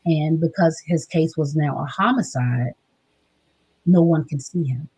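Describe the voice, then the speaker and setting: Husky low-voiced woman telling her story. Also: moderate pace, darkish tone. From United States. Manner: earnest, acts out quoted voices. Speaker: guest, trauma advocate. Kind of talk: emotional personal storytelling.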